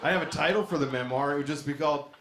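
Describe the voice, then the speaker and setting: Casting note: a low-key deadpan male stand-up comic, recorded in an echoey club with loud crowd noise. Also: very fast. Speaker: stand-up comedian. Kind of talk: stand-up set. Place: comedy club stage with a laughing audience.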